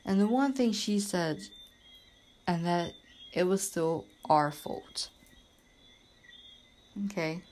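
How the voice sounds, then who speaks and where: Rambling woman podcaster, low voice. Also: expressive, slow pace, pauses often, a little mellow. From Bermuda. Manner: rambling and emphatic, heavy use of "like" and "literally". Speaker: podcast host. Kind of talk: casual monologue.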